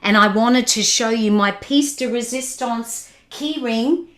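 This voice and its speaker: A woman's voice: on the high side, measured pace, fairly bright tone. A woman giving a motivational webinar talk, putting questions and challenges straight to her audience and laughing along with their comments. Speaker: keynote speaker.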